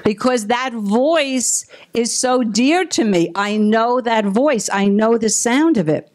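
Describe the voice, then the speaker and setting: A woman's voice: a little high, takes it slowly, darkish tone. A woman pastor preaching a sermon with emphasis, acting out the scripture quotes as she goes.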